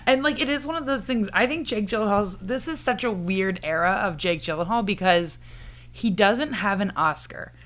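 A woman's voice: medium pitch, normal speed, a bit bright. A young woman co-hosting a podcast in casual chat, joking and laughing often as she talks. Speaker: podcast co-host.

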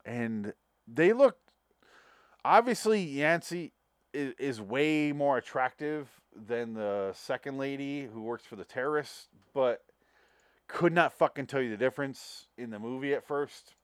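Animated, profane man rambling about movies. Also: mid-range voice, measured pace, clean tone, no room sound, clean studio sound. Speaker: podcast host. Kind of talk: casual movie review chat.

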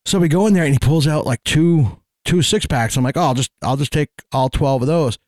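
A man's voice: on the high side, fairly quick, a little mellow, no echo, studio quality. A man co-hosting a podcast who tells a rambling travel story in casual chat, with frequent stop-start restarts. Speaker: podcast co-host.

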